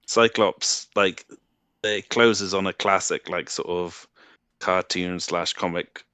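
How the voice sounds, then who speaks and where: A man from England co-hosting a casual comics podcast, talking in an unhurried, halting way with many fillers. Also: low voice, fairly even intonation, pushed and bright, smooth, no echo. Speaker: podcast co-host. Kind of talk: casual chat.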